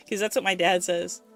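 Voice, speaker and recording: A woman's voice: lowish voice, a bit bright. Giggly, chatty woman streamer. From United States. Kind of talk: casual gameplay chat. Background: faint game music.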